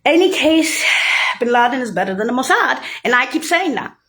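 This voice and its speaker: A woman in a profane, rambling rant, mocking and swearing heavily, jumping between loud outbursts and low muttering. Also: animated, normal speed.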